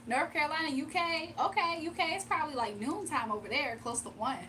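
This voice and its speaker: A woman's voice: high-pitched, moderate pace, sharp tone, distant mic, slight background noise. A woman from the US East Coast chatting casually on a morning live stream, laughing often and reading viewer comments aloud. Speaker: live-stream tarot reader. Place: home, early morning.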